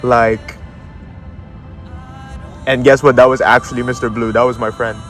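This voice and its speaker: A man's voice: medium pitch, little pitch movement, measured pace, fairly bright tone, soft background music. A young man casually telling a story, swearing a lot and using slang, laughing as he goes. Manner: profane, slangy, laughs often while telling.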